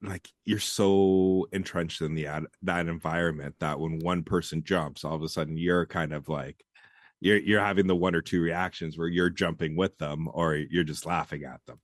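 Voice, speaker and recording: Man, middle-aged, from Canada, very deep voice, dry close sound, rambling podcast chat. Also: steady tone, moderate pace, dry recording. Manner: laid-back, rambling, swears freely. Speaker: podcast co-host. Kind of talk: casual chat.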